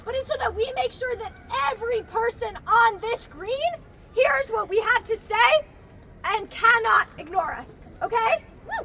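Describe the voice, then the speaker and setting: A woman organizing a rally outdoors, giving brisk, commanding instructions to the crowd. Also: very high voice, animated, sharp tone, slight background noise. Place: outdoor campus green.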